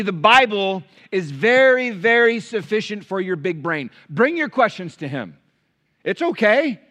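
High bright-voiced pastor preaching animatedly. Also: male voice. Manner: animated preaching, swings from loud to hushed. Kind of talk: sermon. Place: church.

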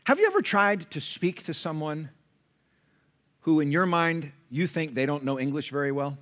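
A pastor preaches from the pulpit, a man with a voice pitched slightly high and a bright, forceful tone. His delivery is lively and animated, and his pitch swoops widely as he acts out the voices of people in his stories. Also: moderate pace. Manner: animated storytelling, acting out quoted voices. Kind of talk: sermon. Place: church sanctuary. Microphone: pulpit mic.

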